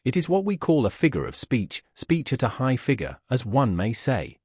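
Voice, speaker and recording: A man's voice: medium pitch, big pitch swings, normal speed, a little mellow, breathy edge, no echo, studio quality. A man voicing a pompous, wordy male auctioneer who speaks in a sonorous, self-satisfied manner.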